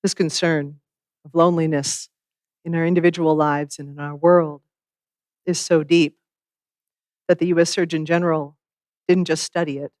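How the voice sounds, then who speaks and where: A minister giving a sermon in a measured, reflective way, with wry asides. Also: medium pitch, flat delivery, no room sound, clean studio sound.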